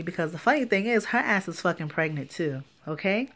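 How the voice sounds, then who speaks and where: Profane, animated pregnant woman vlogger. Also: lowish voice, a little fast, few pauses. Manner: animated, profane ranting with lively quoted dialogue. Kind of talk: casual story-time vlog.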